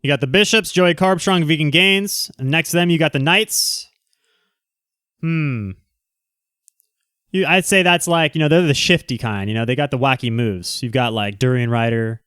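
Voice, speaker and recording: A man hosting a live stream, chatting casually and rambling through quick asides to his viewers. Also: on the high side, fairly bright tone, clean tone, no echo, clean studio sound. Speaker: livestream host. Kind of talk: casual livestream chat.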